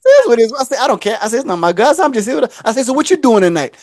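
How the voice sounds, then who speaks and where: A man's voice: extremely high pitch, sing-song, rapid-fire, no room sound. A man co-hosting a podcast, spinning long stories in casual chat. He acts out every quote and laughs as he goes. His voice sits dry and close to the mic. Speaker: podcast co-host. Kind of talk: casual storytelling.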